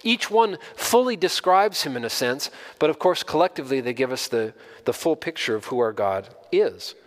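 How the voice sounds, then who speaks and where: Male pastor, mid-pitched and earnest, preaching a sermon with strong emphasis in a reverberant hall. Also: animated, moderate pace. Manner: earnest, stresses key phrases, rises when emphatic.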